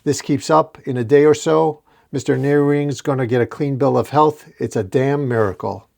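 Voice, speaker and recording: A man's voice: medium pitch, moderate pace, gravelly, darkish tone. A man narrating a comic book recap and reviewing it, adding casual, wry asides.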